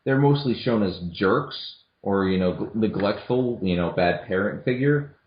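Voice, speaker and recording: A young man with a lowish voice talks through a film in casual conversation. He restarts his sentences often and leans on fillers. The sound is roomy and dull, like an amateur home recording. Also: lively intonation, measured pace. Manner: hesitant, many restarts and fillers. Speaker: podcast co-host. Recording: echoey room, dull lo-fi audio.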